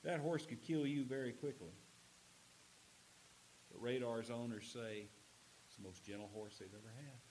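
A pastor preaching a sermon, animated and humorous, swinging between loud emphasis and quiet asides to the congregation. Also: male voice, medium pitch, normal speed, long pauses, slight background noise, low-quality recording.

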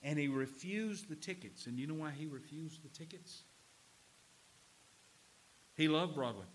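A pastor preaching a sermon, animated and humorous, swinging between loud emphasis and quiet asides to the congregation. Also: male voice, on the high side, unhurried, slight background noise, poor audio.

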